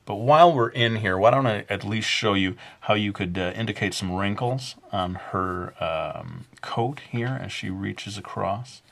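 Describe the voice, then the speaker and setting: A man's voice: lowish voice, measured pace, creaky, hardly any pauses, fairly bright tone. A man narrating a casual drawing tutorial in a jokingly put-on Brooklyn accent, rambling and self-mocking as he draws. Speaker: drawing instructor.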